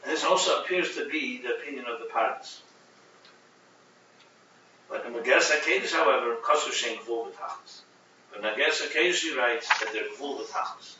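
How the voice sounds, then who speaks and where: A man teaching a Chassidic text class, explaining with animated restarts and Hebrew terms. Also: medium pitch, normal speed, background noise. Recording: muffled, echoey room, from a distance.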